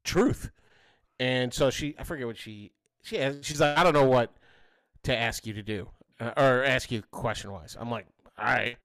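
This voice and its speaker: Podcast co-host, male, 30s, lively storyteller, dry close mic. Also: moderate pace, hardly any pauses, no room sound. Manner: animated, jumps to high voices when quoting his kids. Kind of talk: casual storytelling chat.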